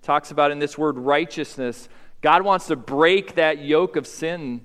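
A male pastor preaching a sermon, climbing to loud, high emphatic peaks and then dropping quiet. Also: measured pace. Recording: long hall reverb.

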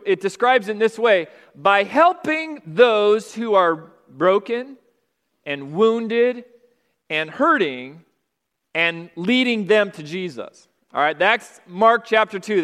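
A man preaching a sermon to his church in a conversational way, slowing down to stress key phrases. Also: high voice, a bit bright, clean tone. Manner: conversational preaching, slows for emphasis. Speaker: pastor. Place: church sanctuary. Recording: long hall reverb.

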